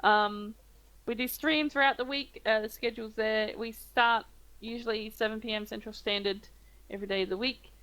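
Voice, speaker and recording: Casting: hesitant, soft-spoken woman running a tabletop game, slightly high voice, voice-call mic. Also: fairly even intonation, normal speed, rough recording. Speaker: game master and stream host. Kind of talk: casual tabletop narration and stream chat.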